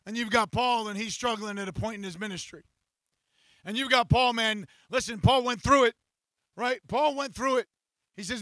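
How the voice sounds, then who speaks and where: A man preaching a sermon in church, speaking scripture aloud in the first person and rising to impassioned shouts. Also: very high voice, normal speed, no room sound, rough recording. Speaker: pastor.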